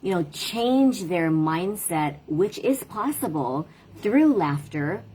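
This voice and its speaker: Middle-aged woman parent coach, casual reflective livestream chat, lowish voice. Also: lively intonation, slow pace, dark tone, a little hiss or hum. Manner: reflective, conversational, tells stories about her daughters.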